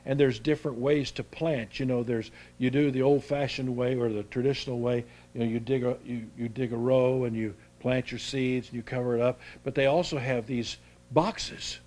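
An older pastor delivering a sermon in a folksy, conversational way. He stumbles and restarts often, and his voice sits at a middling pitch. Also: fairly even intonation, a little mellow. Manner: folksy, halting, with many restarts.

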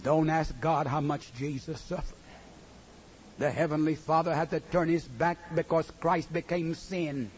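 Guy preaching slow in church, rises to big cries then drops quiet, kinda muffled with faint hiss. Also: a little high, steady tone. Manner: slow rhythmic delivery, swinging from hushed to loud cries. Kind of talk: sermon. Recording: muffled recording with faint noise.

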